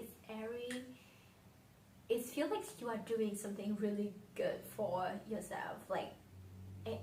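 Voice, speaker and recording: A woman's voice: a little high, slight background noise. A young woman from Vietnam, a non-native English speaker, talking through her favourite perfumes in a dreamy, reflective way that often trails off. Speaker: beauty vlogger. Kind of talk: casual fragrance review. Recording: roomy echo, slightly distant from mic.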